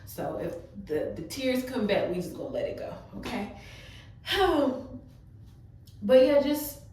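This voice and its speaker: A woman's voice: mid-range voice, darkish tone, recorded from a distance, a little hiss or hum. A young woman, talking openly and emotionally to her viewers, full of casual fillers. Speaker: vlogger. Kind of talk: heart-to-heart vlog talk. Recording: echoey room, voice off-mic.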